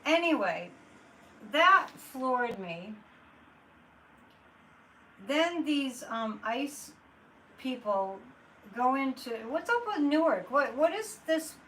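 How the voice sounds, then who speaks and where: A woman's voice: sits high, big pitch swings, takes it slowly, pauses often, fairly bright tone. A woman hosting a casual live stream as a psychic, chatting in a loose, exasperated way and answering viewer comments as she goes. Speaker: psychic livestream host. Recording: distant mic with faint room noise.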